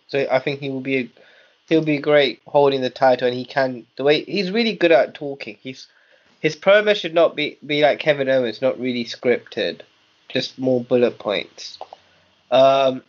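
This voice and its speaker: A man's voice: mid-range voice, expressive, normal speed. A man in a casual podcast chat, matter-of-fact and opinionated. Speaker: podcast co-host. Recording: dull lo-fi recording.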